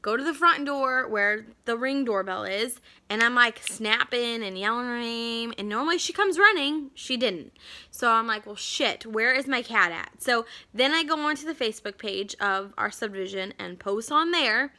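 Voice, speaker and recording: Bright chatty young woman vlogging, lots of likes, kinda high voice. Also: normal speed. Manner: chatty, animated, lots of "like" fillers. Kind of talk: casual storytelling to camera.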